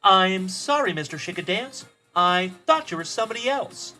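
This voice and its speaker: This trading card break host has a high, sharp voice with lively intonation and a normal speed. Over faint background music, he opens cards on his livestream and warmly, upbeatly greets viewers by name in chat shout-outs.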